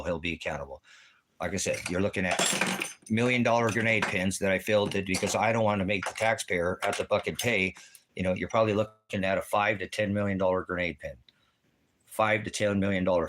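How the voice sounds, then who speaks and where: A man with a somewhat low voice holds forth in a crude, swearing monologue. He rambles and circles back on himself, agitated and repetitive throughout. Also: fairly bright tone. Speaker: vlogger. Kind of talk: profane ranting monologue.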